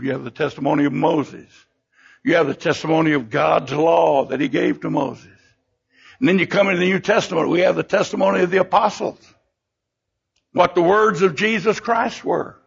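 An older man preaching a sermon with fervent emphasis, his voice leaping up and sinking low between phrases. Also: creaky, a bit bright, husky. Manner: fervent preaching, sudden rises and drops in pitch and volume. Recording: dull lo-fi recording.

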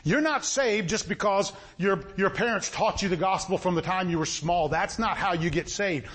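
A man preaching a sermon as pastor, impassioned and rising to loud bursts. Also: sits high, moderate pace, few pauses.

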